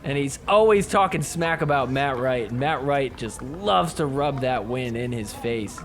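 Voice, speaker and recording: A man hosting a podcast who gives excitable, joking recap commentary over match clips and swears freely. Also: medium pitch, unhurried, noisy background. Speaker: podcast host.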